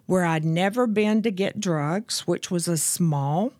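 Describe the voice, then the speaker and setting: A woman guest telling her own story of addiction and recovery in an earnest, candid way, slowing down to stress key points. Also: fairly low pitch, darkish tone, no room sound, studio quality. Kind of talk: personal testimony in conversation.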